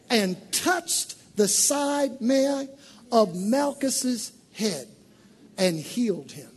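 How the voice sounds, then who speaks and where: A man preacher giving an animated, conversational sermon to a congregation in church. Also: extremely high pitch, breathy edge.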